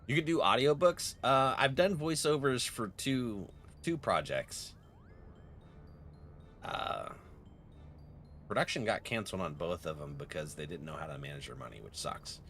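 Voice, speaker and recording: Gravelly, laughing young streamer guy. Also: fairly low pitch, expressive, normal speed, a bit bright, a little hiss or hum. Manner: laughs often, chats with viewers. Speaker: game streamer. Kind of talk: casual live-stream chat.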